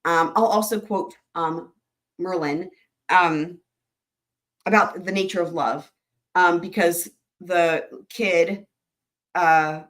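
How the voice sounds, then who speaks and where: A woman's voice: lowish voice, steady tone, slow pace, pauses often, a bit bright. Chatty, rambling woman hosting a live stream. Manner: rambling, laughs often, reads chat aloud. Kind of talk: casual live chat.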